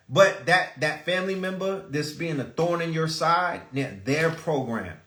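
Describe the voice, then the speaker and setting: A man's voice: a little high, a little slow, hardly any pauses, fairly bright tone, roomy sound. A man hosting a live stream, ranting in a preachy, profane way and asking rhetorical questions. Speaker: podcast host.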